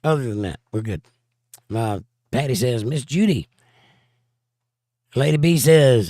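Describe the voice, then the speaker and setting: Hoarse joking man hosting a livestream. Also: mid-range voice, lively intonation, a little slow, pauses often, mellow, no room sound, studio quality. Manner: joking, playful banter. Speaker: livestream host reading chat. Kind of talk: casual chat.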